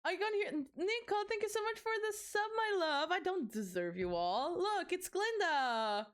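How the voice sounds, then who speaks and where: This young adult woman has a very high voice, very animated yet unhurried. She's streaming and chatting casually with viewers, giggling, bubbly, and swearing without restraint.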